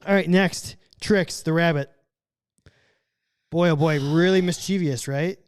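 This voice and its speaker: A man hosting a podcast, playful, firing off quick questions and reading out comments. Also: a little high, smooth, no echo, studio quality. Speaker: podcast host. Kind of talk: casual chat.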